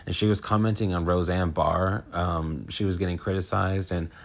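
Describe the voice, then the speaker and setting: A man with a very low voice talks through an astrology reading in a casual monologue. He rambles, restarts his sentences and fills the gaps with ums, and he speaks frankly. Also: fairly even intonation, moderate pace, creaky. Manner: rambling, filler-heavy, frank. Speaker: astrologer, channel host.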